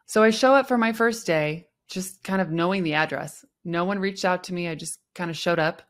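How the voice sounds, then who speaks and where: A woman's voice: fairly low pitch, a little fast. A young adult woman hosting a podcast, telling a personal work story and acting out the quoted dialogue with shifting tones. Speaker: podcast host.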